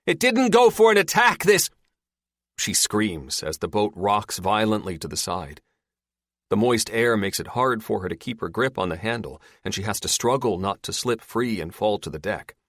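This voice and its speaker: Low-voiced male audiobook narrator. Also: moderate pace, a bit bright, no echo, studio quality. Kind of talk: scripted narration.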